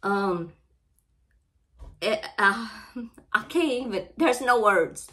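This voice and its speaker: A woman's voice: mid-range voice, expressive, slow, sharp tone. A middle-aged woman with a Cajun Louisiana accent, chatting casually in an unboxing vlog, tearful and heartfelt, often apologizing. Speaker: crafting channel vlogger.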